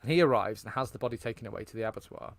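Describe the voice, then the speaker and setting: A British man with a mid-range voice co-hosts a podcast, talking at a racing clip with no echo. He tells stories with energy in casual chat, quoting film lines he finds funny and laughing at them.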